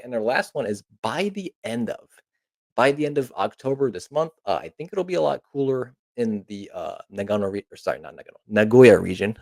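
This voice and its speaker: A man's voice: fairly low pitch, a little mellow, dry recording. A man from Kyushu, teaching a casual online language lesson as a teacher in a laid-back, chatty way with joking asides. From Kyushu, Japan. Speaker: Japanese teacher.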